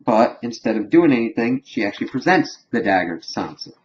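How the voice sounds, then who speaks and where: A man's voice: medium pitch, big pitch swings, a little fast, dull audio. A man giving a casual spoken review, rambling through scene recaps with lots of filler words. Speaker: TV show reviewer.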